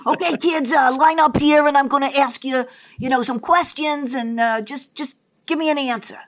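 A brusque, intimidating female talent agent with a New York accent, her words clipped around a cigarette, as a woman puts her on. The put-on voice sits well above the speaker's own, loud and pushed. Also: high voice, moderate pace, pitched above the performer's own voice, natural voice.

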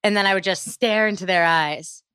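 A woman's voice: mid-range voice, normal speed, sharp tone, smooth, no room sound, clean studio sound. A woman co-hosting a comedy podcast, chatting casually with playful, jokey asides. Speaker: podcast co-host.

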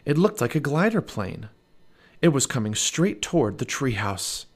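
Animated man reading a kids' book. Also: medium pitch, moderate pace. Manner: animated, expressive read-aloud. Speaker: podcast storyteller. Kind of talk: reading a children's book aloud.

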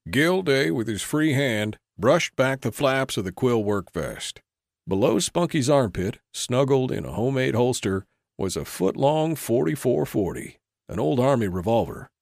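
A man giving measured scripted narration of an old-west audiobook. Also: medium pitch, gravelly, no echo. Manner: measured storytelling. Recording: dry close recording.

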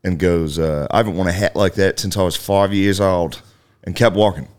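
A man from the United States, a guest comedian, telling stories in a relaxed, drawn-out way. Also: low voice, smooth. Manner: laid-back, drawn-out storytelling with swearing. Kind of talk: casual comedic storytelling.

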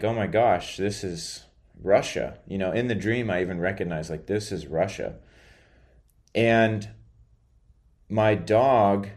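A man podcaster telling a story in a casual monologue, rambling and hesitant, drowsy after a nap. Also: on the low side. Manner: rambling, hesitant, many filler words.

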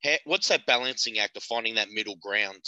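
A man's voice: lowish voice, a little fast, bright, forceful tone, no room sound, low-quality recording. A man hosting a podcast, asking long, rambling interview questions. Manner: rambling, restarts his questions. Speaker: podcast host.

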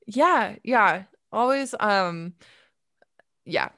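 A woman's voice: medium pitch, lively intonation, extremely slow, a bit bright, dry recording. Chatty woman podcast co-host, dry sound. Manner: chatty, many fillers like "you know". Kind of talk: casual chat.

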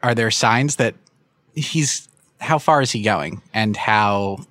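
A man's voice: on the low side, fairly bright tone, no room sound. Wry teasing man podcast co-host. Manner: wry, teasing, with quick laughs. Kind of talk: casual chat.

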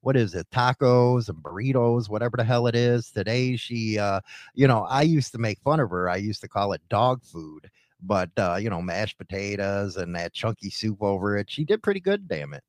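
A man's voice: on the low side, lively intonation, moderate pace, no echo. New York man hosting live radio, loose jokey banter, dry close sound. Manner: joking, rambling with many fillers. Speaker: radio show host.

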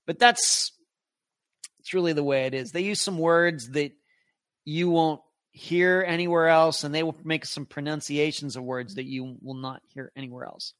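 A man's voice: on the high side, steady tone, moderate pace, a bit bright, dry recording. Man, middle-aged, live podcast host, reads chat comments, rambling, close dry mic. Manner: rambling and chatty, many restarts. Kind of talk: live podcast, reading viewer comments aloud.

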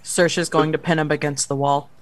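Low-voiced woman, dry and direct. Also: little pitch movement, normal speed, dry recording. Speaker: player. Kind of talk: playing a character in a tabletop game.

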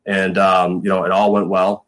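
A man's voice: sits low, flat delivery, normal speed, a bit bright, rough recording. A middle-aged man, a former pro football punter, telling stories in a casual interview, rambling with lots of fillers and acting out quotes.

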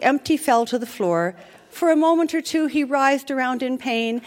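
A woman reading a dark comic story aloud in an animated, playful way. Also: high-pitched, moderate pace, a crowd in the background, background noise.

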